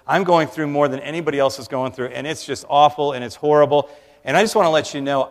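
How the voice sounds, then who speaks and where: Earnest male pastor preaching in a reverberant hall. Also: medium pitch. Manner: earnest, swings between loud emphasis and soft hushed lines. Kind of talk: sermon.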